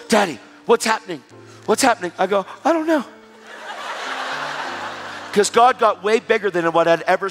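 A man preaching a sermon, telling stories and exhorting his congregation, moving between loud urging and hushed, quiet passages. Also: high voice. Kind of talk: sermon with storytelling. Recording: long hall reverb with faint music.

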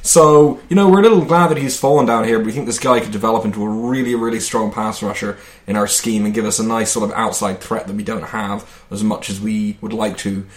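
A man's voice: fairly low pitch, steady tone, brisk. A man co-hosting a podcast, rambling and self-deprecating with crude humor. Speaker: podcast co-host. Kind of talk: casual joking chat.

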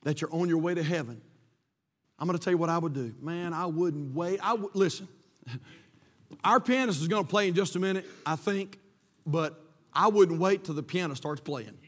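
A male preacher telling a story in a sermon, fervent and rising to shouts at an altar call, speaking in a church. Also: fairly high pitch, normal speed. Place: church sanctuary. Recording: long hall reverb.

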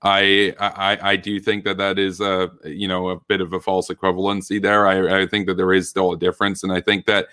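A man arguing his side in a political debate, earnest and halting, often restarting his sentences. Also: sits low, little pitch movement, sharp tone, clear, resonant tone, no room sound, studio quality. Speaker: debate guest.

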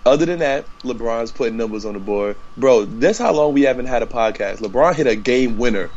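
Young man, podcast co-host, laid-back slangy talk, middle pitch, dull lo-fi recording. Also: animated, a little fast, darkish tone. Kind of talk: casual chat.

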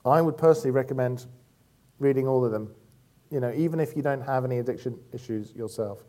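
A man giving a relaxed, conversational church talk, full of anecdotes and fillers. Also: medium pitch, fast. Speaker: church speaker.

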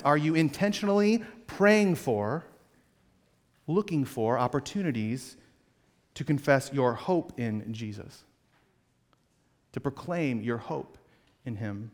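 A man's voice: a little high, measured pace. A man preaching a sermon as a pastor, earnest and putting direct questions to his congregation. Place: church sanctuary. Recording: long reverb of a church hall.

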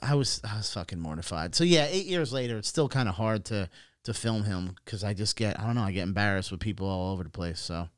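A man co-hosting a casual chat, telling stories haltingly with many fillers and restarts. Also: lowish voice, expressive, no echo, clean studio sound. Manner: hesitant storytelling full of fillers and restarts. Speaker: podcast co-host.

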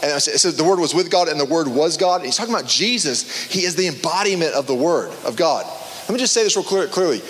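A man preaching a casual sermon to a small group, conversational and animated, with frequent restarts and fillers. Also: a little high, quick pace, long reverb tail, slight background noise.

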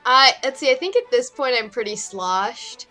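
A woman's voice: high voice, sing-song, moderate pace, sharp tone, soft background music. A woman playing a tabletop role-playing game, speaking in character in a blunt, playful way. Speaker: player. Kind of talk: casual in-character play.

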